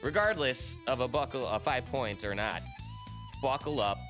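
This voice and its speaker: A man who is a regular guest on a sports radio show, bantering casually and telling animated, jokey stories full of tangents. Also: mid-range voice, normal speed, over music. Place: radio studio.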